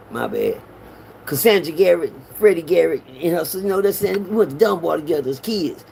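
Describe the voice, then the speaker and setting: A middle-aged man, telling a street story in an animated way and raising his voice to act out quotes. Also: moderate pace, gravelly, a little hiss or hum. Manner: animated, acts out quotes with raised pitch.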